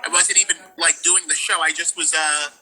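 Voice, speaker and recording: A ring announcer from New York telling stories in a casual interview, in a rambling, laid-back way. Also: male voice, fairly high pitch, steady tone, brisk, sharp tone, slightly rough, poor audio.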